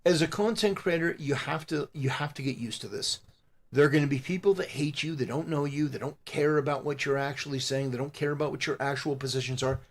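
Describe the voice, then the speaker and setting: A content creator man giving a moralizing monologue, often pausing and restarting with fillers. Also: fairly high pitch. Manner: moralizing, halting with many fillers. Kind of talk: preachy live-stream monologue.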